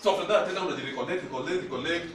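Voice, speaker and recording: A man with a slightly high voice preaches at great speed against background noise. His Kenyan accent carries a sermon that shifts between Swahili and English as he calls on the congregation. The mic sits at a distance in an echoey church hall.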